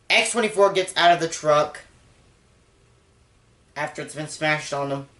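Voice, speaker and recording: A young man recapping a movie in a casual review, excitable and animated, with sudden jumps in pitch and volume. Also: takes it slowly. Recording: echoey room.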